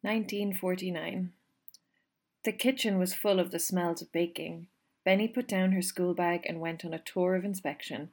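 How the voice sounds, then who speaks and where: A woman reading a novel aloud in a calm, measured narration. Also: fairly low pitch. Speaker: reader. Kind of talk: audiobook narration.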